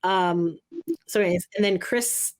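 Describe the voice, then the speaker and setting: A woman co-hosting a podcast, recapping another show in casual chat, full of fillers and quick asides. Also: lowish voice. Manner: rambling, filler-heavy recap. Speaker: podcast co-host.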